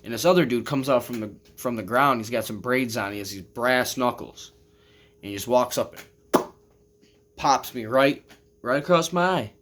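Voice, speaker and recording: Talking straight to viewers through his camera, this male vlogger spins a long, rambling personal story at normal speed in a mid-range, fairly bright voice. He curses a lot and leans on fillers like "I mean" and "you know what I'm saying."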